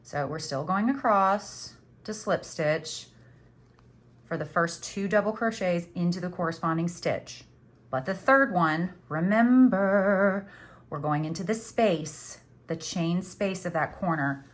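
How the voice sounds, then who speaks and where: A woman's voice: fairly low pitch, unhurried, a bit bright. A middle-aged woman hosting a crochet tutorial, chatting casually and teasing herself while she works. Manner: chatty, self-teasing, says "y'all".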